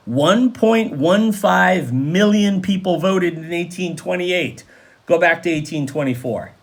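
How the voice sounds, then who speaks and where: A man giving a conversational history lecture, animated and full of rhetorical questions to his students. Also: high-pitched, a little slow. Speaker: history teacher.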